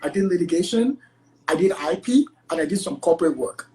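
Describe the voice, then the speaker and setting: A man's voice: a little high, fairly quick, low-quality recording. Chatty man from Nigeria, full of "like". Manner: chatty, heavy use of "like" as filler; acts out quoted exchanges in lively voices. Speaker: guest entertainment attorney. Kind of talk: casual conversational interview.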